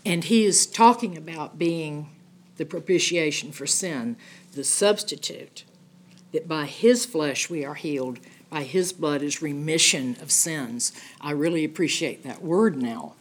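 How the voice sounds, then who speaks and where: A middle-aged woman teaching a Bible study in an animated, emphatic, conversational way, often checking in with "okay?". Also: low voice, measured pace.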